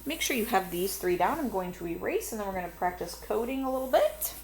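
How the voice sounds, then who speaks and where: A woman's voice: mid-range voice, big pitch swings, a little fast. A woman teaching a phonics lesson to children, explaining board work patiently and chattily, correcting herself as she goes.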